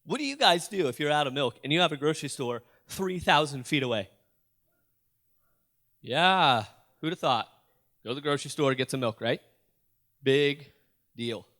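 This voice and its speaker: In a school auditorium, a motivational youth speaker gives a storytelling keynote, sharing a personal story with jokes and questions for the crowd. His voice is fairly high and bright, with lively intonation, normal speed and long pauses.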